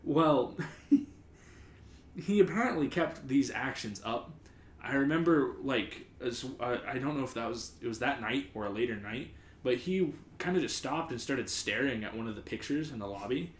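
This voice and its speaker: A podcast host with a mid-range voice tells a story at a moderate pace in an echoey room. He rambles through an animated retelling in casual chat, dropping "like" again and again.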